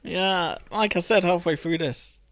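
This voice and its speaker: A man's voice: high voice, unhurried, fairly bright tone. A man co-hosting a podcast in casual chat, hesitant and full of ums, laughing often. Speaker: podcast co-host. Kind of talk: casual chat about a TV series.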